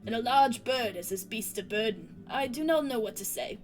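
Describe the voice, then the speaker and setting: A woman voicing a burly, gruff older male innkeeper, speaking curtly in a game read-aloud. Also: a little high, lively intonation, normal speed, soft background music, lightly acted, low-quality recording. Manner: curt, dismissive.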